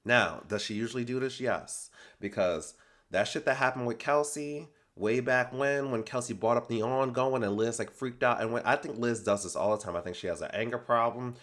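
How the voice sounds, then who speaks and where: A man giving a casual reality TV recap in an animated, sassy, slangy way. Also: medium pitch, moderate pace.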